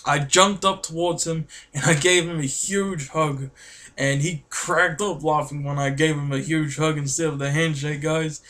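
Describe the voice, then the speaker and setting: A man vlogging to camera, telling a story excitedly and rambling, often calling his viewers guys. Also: fairly high pitch, moderate pace.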